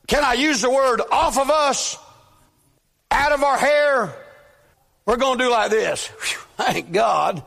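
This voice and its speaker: High-pitched preacher man in a reverberant hall. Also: a little slow, long pauses. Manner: shouting, emphatic preaching. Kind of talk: sermon.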